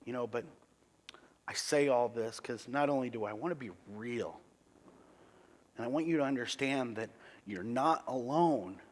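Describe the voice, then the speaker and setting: Man, middle-aged pastor, sermon testimony, earnest, halting restarts, mid-pitched.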